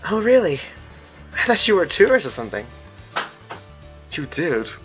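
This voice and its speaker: A man voicing a big, friendly furry man with an attempted British accent, calm and kindly reassuring. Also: fairly high pitch, moderate pace, faint music behind, voice pushed up. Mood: curious.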